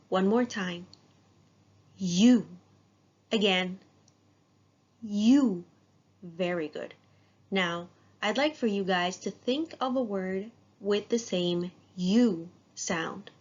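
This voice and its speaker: A woman teaching an English phonics lesson, modeling sounds slowly and praising students as they repeat. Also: medium pitch. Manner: slow, drawn-out, encouraging drill. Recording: dull lo-fi sound.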